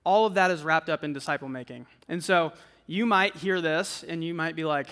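A man's voice: high-pitched, fairly quick, a bit bright, smooth. A man giving a casual, conversational sermon to students as a campus ministry speaker, often tossing in "like" and "right?". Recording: echoey hall.

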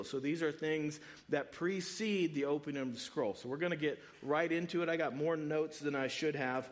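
A man giving a sermon, preaching in a conversational, animated way with asides to the congregation. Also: a little high. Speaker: pastor.

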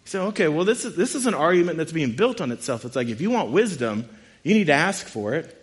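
A man's voice: on the high side, very animated, quick pace. Man preaching with playful rhetorical questions. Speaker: pastor. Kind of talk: sermon. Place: room with a live congregation.

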